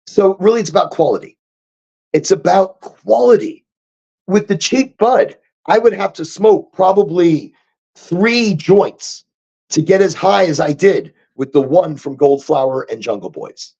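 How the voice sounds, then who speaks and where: A man hosting a casual livestream chat, high and rambling, repeating himself and chuckling at his own jokes. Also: animated, unhurried, creaky, a little mellow, breathy edge, muffled recording. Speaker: podcast host.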